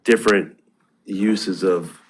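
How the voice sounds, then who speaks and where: A committee member asks his questions slowly and deliberately, searching for words. His voice sits somewhat low. Faint room noise is heard in the background. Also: fairly even intonation.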